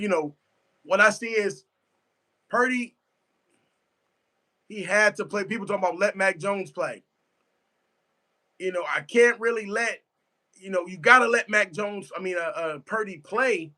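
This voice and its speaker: Emphatic high-voiced man reacting to football. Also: bright, forceful tone. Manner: emphatic, repeats himself, answers chat. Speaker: sports fan streamer. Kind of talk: casual live sports reaction.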